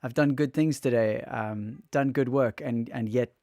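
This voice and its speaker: A man's voice: medium pitch, unhurried, warm tone, dry recording, clean studio sound. A man chatting openly on a livestream, feeling exhausted and emotional, his throat raw, rambling and restarting his sentences. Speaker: livestreamer and musician. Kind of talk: casual livestream chat.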